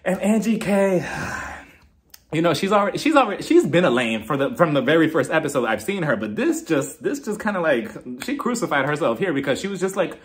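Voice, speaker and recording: A man's voice: a little high, big pitch swings, brisk. A man casually recapping a reality TV episode in a gossipy, chatty way, full of fillers like "like" and "I mean".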